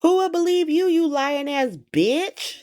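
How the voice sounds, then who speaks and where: A woman voicing a scheming older woman who talks in a smug, gruff way. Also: high-pitched, animated, measured pace, darkish tone, pitched above the performer's own voice. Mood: mocking.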